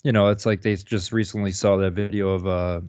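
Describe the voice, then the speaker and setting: A man's voice: fairly low pitch, little pitch movement, brisk, a little mellow, a little hiss or hum. A man co-hosting a podcast, talking in a rambling casual way with a lot of swearing and laughing. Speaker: podcast co-host. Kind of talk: casual profane chat. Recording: dull lo-fi dry sound.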